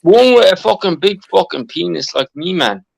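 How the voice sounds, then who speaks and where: A man's voice: sits high, animated, normal speed, gravelly, husky, rough recording. An Irish man calling into a live stream panel, crude, taunting and boastful. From Ireland. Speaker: panel caller.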